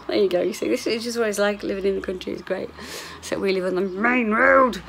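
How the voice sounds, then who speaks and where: A woman's voice: medium pitch, fast talker, gravelly, few pauses, slight background noise. A woman, rambling candidly in a chatty video diary, sometimes swearing. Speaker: vlogger.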